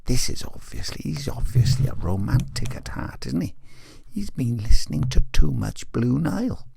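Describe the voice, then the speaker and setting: A man hosting a music reaction, musing aloud at length with hushed asides. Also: mid-range voice, big pitch swings, normal speed, gravelly, slightly rough. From Wales. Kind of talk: casual music reaction commentary.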